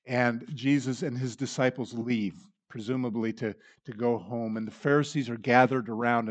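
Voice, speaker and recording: A man preaching a sermon, dramatic in delivery, acting out the voices he quotes and swinging from loud to hushed. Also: mid-range voice.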